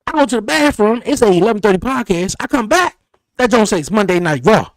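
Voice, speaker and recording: A man hosting a podcast, telling a story in a lively, animated way. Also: high-pitched, fairly quick, no room sound. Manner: animated storyteller, acts out his son's lines. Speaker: podcast host. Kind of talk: casual podcast chat. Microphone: podcast studio mic.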